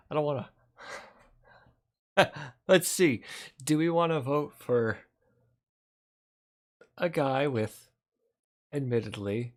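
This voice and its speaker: A man streaming casual commentary, sarcastic and rambling, often breaking into laughs. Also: medium pitch. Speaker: streamer reacting to a speech.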